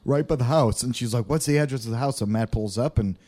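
A man's voice: medium pitch, fast, warm tone. A man co-hosting a podcast, telling a rowdy story in casual chat, swearing often and laughing through it. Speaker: podcast co-host.

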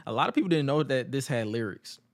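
This co-host talks quickly in a medium pitch as he runs through a casual wrestling recap, animated and joking, acting out humorous quotes. No room sound is audible.

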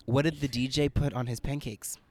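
A man's voice: medium pitch, fairly even intonation, a little fast. A man co-hosting a podcast in casual chat, playful and jokey, telling dad jokes with exaggerated delivery. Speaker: podcast co-host.

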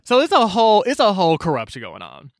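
A man with a fairly high, lively voice that swings up and down as he recaps a story for his co-host. He talks loosely, swears often and fills every pause with "like." The sound is close and dry, with no room around it. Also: no echo. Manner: animated, swears freely, leans on "like" as filler. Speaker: podcast co-host. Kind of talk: casual recap chat.

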